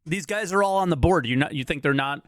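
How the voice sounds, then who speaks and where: A man's voice: fairly high pitch, quick pace, no room sound, clean studio sound. A man giving casual reaction commentary as a streamer, blunt and skeptical, pushing back on what he hears.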